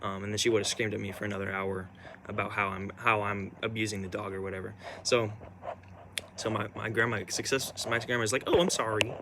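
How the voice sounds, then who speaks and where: A young man telling a personal story in a rambling, halting way, full of restarts and fillers. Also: lowish voice, little pitch movement, background noise.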